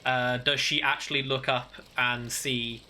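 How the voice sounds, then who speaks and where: Man narrating a tabletop game, dungeon master, slow, very bright tone, faint background ambience. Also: mid-range voice, flat delivery, a little hiss or hum. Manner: hesitant, filler-heavy narration. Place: home setup with fantasy ambience playing.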